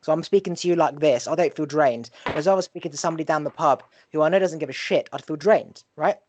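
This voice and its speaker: A male podcast host talking in an animated way, giving life advice in casual conversation and swearing freely. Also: a little high, quick pace, a little hiss or hum.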